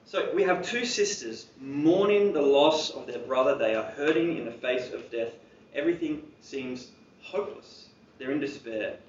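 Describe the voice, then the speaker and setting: A man's voice: mid-range voice, expressive, normal speed, slight background noise. Man preaching in an echoey hall. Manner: conversational preaching with casual asides. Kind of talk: sermon. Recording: roomy, distant and dull-sounding.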